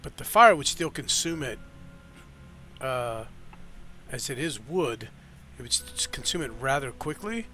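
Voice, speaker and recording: Bright-voiced man running a tabletop game. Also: mid-range voice, big pitch swings, unhurried, slight background noise. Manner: rambling, self-correcting, many fillers. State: has the hiccups. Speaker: dungeon master.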